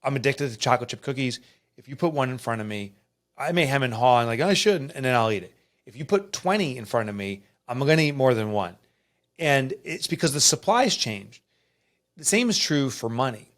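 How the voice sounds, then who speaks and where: A middle-aged man, an author and podcast guest, telling a personal story in an earnest, emotional and animated way. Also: medium pitch, fairly quick. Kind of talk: candid storytelling interview.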